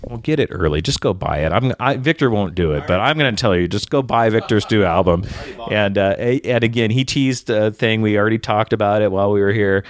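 A man's voice: lowish voice, brisk. A man hosting a podcast, talking casually with many fillers and restarts. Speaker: podcast host.

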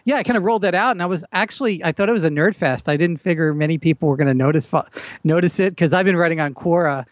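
A man's voice: on the high side, fast, no echo, studio quality. A man speaking as a guest on a casual podcast, eager and talkative, often stumbling and restarting his sentences. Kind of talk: casual interview.

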